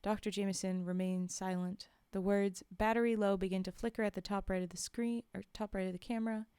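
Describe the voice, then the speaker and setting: A woman reads horror stories aloud to her live stream audience, steady and mid-pitched, with casual asides between passages. She sits close to a microphone, and the sound is dry with no room echo. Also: brisk, clean tone. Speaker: streamer and storyteller.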